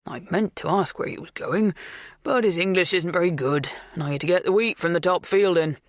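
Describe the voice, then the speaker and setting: A polite older farmer, as an audiobook narrator plays him, speaks apologetically with a booming edge. The sound is dry and close, with no room around it. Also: brisk, no echo, natural voice. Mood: apologetic.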